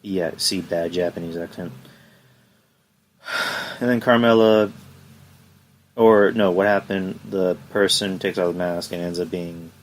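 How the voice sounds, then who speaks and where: A man's voice: sits low, steady tone, measured pace, pauses often. A man hosting a solo wrestling review podcast from home, ranting in exasperation and firing off rhetorical questions. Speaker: podcast host.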